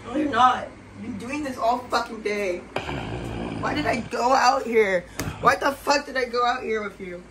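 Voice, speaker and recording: An upset woman close to tears pleads and snaps in a slightly high voice. She is picked up from some way off the mic, with clear street noise around her. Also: normal speed, recorded from a distance. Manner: pleading, exasperated.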